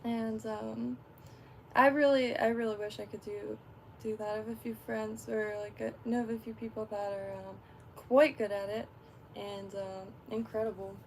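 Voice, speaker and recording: A woman from Florida, USA chats casually on her fishing livestream, rambling with lots of fillers and laughing often. Her voice is on the high side, level, gravelly and a little mellow, at normal speed, with a slight hiss or hum.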